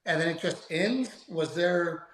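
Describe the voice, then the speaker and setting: A man's voice: on the high side, measured pace, a crowd in the background. A male podcast host chatting casually and prompting his guest with questions. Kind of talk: casual chat. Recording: echoey room.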